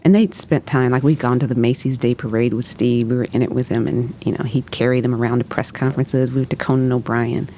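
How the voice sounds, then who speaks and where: A woman's voice: a bass voice, steady tone, quick pace, few pauses, warm tone, a little hiss or hum. A woman in her fifties, a podcast guest, recounting past events in conversation with lots of reported dialogue and filler words. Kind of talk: personal storytelling in conversation.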